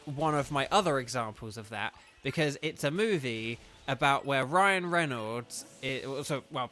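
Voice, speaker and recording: With a medium-pitched, bright and forceful voice, a young southern English game streamer chats loosely on his livestream. He leans heavily on the word "like" as he rambles in his southern English accent.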